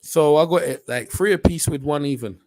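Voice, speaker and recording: On a dry recording, a man with a voice on the high side talks briskly through a boxing match as a stream host. His casual, slang-heavy chatter rises to excited shouts on the big punches.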